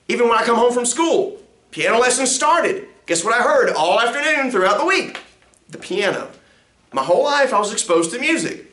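A man, a pastor teaching a music ministry class in an animated lecture that swoops up and down in pitch. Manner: acts out sounds and quotes with big pitch jumps. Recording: roomy echo.

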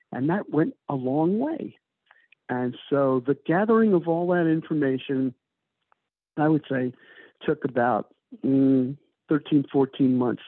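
Husky-voiced man on a tinny remote line. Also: a little high, no echo. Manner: rambling storyteller with many uh fillers. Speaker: author, guest. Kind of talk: conversational interview storytelling. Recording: tinny phone-like remote call.

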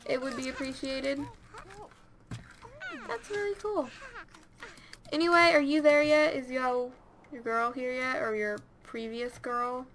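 A woman giving casual let's-play commentary, chatty and easily excited, talking straight to her game characters. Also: high voice, a little slow, long pauses. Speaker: gameplay commentator.

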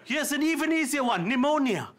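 A man's voice: very high-pitched, expressive, moderate pace, crowd noise. A man from India with an Indian English accent doing a stand-up comedy set in a theatre, dry and mock-polite with punchy asides. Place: theatre stage before a live audience. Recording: live theatre mic with audience noise. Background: audience laughter.

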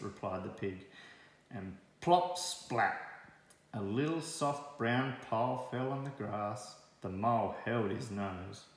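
A man reading a children's story aloud in a lively, expressive way. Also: fairly low pitch, measured pace, creaky. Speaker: storybook reader. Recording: very echoey room.

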